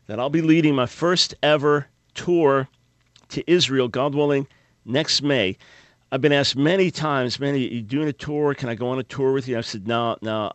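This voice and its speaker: A man's voice: mid-range voice, no echo. A man in his late fifties hosting a call-in radio show, talking in an earnest, upbeat way and often repeating words as he restarts. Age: 50s. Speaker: radio talk show host. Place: dry radio studio. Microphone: studio microphone.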